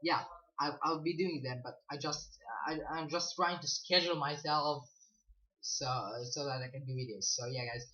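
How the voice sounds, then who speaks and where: Brief: male gaming vlogger, bright forceful voice, rambling casual review, muffled lo-fi mic. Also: a little high, fairly even intonation, moderate pace. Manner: rambling, repeats "so yeah" and "believe me"; reads game stats aloud, stumbling over numbers. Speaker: gaming channel host. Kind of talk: casual game review commentary.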